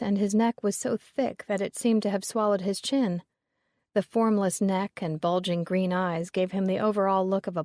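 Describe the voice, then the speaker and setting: A woman narrating a mystery audiobook in a steady, even, descriptive way. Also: medium pitch, no room sound, clean studio sound.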